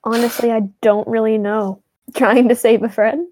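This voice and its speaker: A woman's voice: fairly high pitch, fairly even intonation, moderate pace, darkish tone, slight background noise. A woman playing in a tabletop game who speaks in a hesitant, earnest way. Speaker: player.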